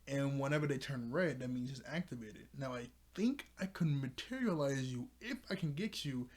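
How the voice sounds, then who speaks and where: A man's voice: mid-range voice, animated, normal speed, a little mellow. Guy rambling thru an episode recap, laughs a lot, lots of "you know" and "like", medium voice. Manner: rambling, laughs often, paraphrases characters loosely. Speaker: show reviewer.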